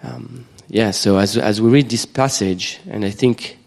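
A man with a French accent leading a church service, praying and reading scripture in a hesitant, earnest way with many pauses and fillers. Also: lowish voice, vocal fry. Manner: reads scripture louder and slower, emphatic. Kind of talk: sermon with prayer and scripture reading.

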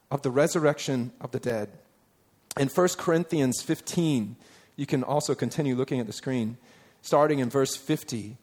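A man's voice: fairly high pitch, a little mellow. A man preaching a sermon in a conversational way, putting rhetorical questions to his listeners and reading scripture aloud with emphasis.

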